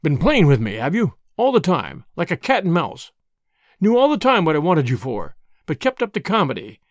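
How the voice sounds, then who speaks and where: A man's voice: on the high side, wildly swooping pitch, moderate pace, no echo, studio quality. A man voicing a blustering, suspicious middle-aged man who snarls and barks his lines in a storybook reading. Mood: angry. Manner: snarling, barking.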